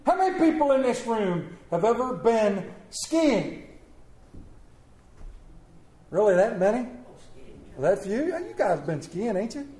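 A high-voiced man preaches in a church hall, and the room's echo hangs on his words. He reads scripture slowly and with weight, then jokes and trades questions with the congregation. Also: sing-song, dark tone. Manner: slow emphatic scripture reading, then joking banter with the congregation. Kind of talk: sermon with scripture reading and audience questions. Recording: echoey room.

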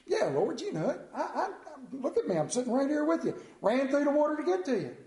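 A high, eager voice of an impulsive fisherman, put on by a preacher, tripping over his words as he blurts out answers. His tone is mellow, and the sound rings with room echo. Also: very animated, fast. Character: eager impulsive fisherman disciple, adult man.

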